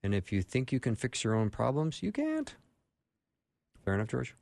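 A man's voice: lowish voice, fast talker, gravelly, darkish tone, no room sound. A man hosting a faith-based recovery radio talk show from a studio, folksy and affirming, with short agreements. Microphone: studio microphone.

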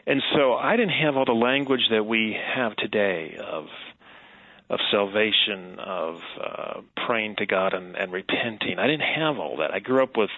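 A middle-aged man from Wisconsin tells his story as an interview guest, earnest and reflective, now and then laughing softly. His voice carries a gravelly fry. The sound is dry and squeezed through a narrow, phone-like band. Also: on the low side, normal speed, dry recording. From Wisconsin, USA. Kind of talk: personal testimony in an interview. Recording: tinny phone-like line.

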